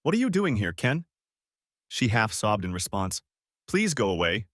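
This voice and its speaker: Brief: man reading a soft, weepy young fiancée in a storybook reading, animated pitch, dry sound. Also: normal speed, no room sound. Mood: tearful. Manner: soft, pleading.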